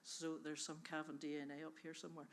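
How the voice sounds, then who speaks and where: A woman's voice: deep voice, flat delivery, quick pace. An Irish woman giving an enthusiastic, chatty conference presentation about a bog conservation project, often interrupting herself. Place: conference hall.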